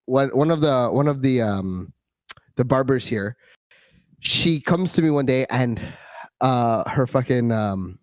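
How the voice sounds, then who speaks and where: A man's voice: medium pitch, measured pace, no echo. A man co-hosting a podcast, telling stories in casual, crude banter, swearing often and acting out what he said. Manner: profane, animated storyteller, acts out quotes. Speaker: podcast co-host.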